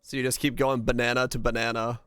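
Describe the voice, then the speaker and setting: A young man chats through his live game stream, muttering to himself, joking and humming silly tunes. His voice is smooth and clear at a mid pitch. The sound is dry with no room around it. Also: little pitch movement, fast talker, fairly bright tone, no room sound. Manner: hums and sings nonsense tunes. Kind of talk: casual live-stream chatter.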